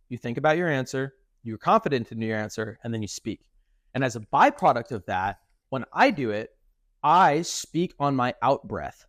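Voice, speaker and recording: A man's voice: mid-range voice, dry recording, studio quality. Young man explaining on a podcast. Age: young adult. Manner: explanatory, demonstrates intonation with his own voice. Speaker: podcast co-host. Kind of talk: casual podcast conversation.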